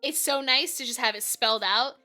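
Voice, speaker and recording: A woman's voice: a little high, a little fast, faint music behind. A young woman chatting casually on a stream, retelling stories with exaggerated outrage. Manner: animated, bursts into exaggerated outrage when retelling. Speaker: streamer co-host. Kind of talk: casual chat.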